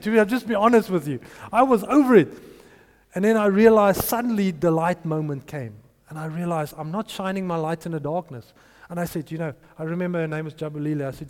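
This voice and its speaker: Male preacher, storytelling sermon, higher voice, lively acted-out dialogue, reverberant hall. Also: quick pace. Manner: animated, acts out dialogue in changing voices.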